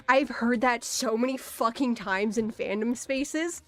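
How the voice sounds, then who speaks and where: A woman's voice: fairly high pitch, a little slow, few pauses, no room sound, soft background music. A young woman in a casual, exasperated ranting monologue, swearing often and laughing in disbelief. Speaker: streamer.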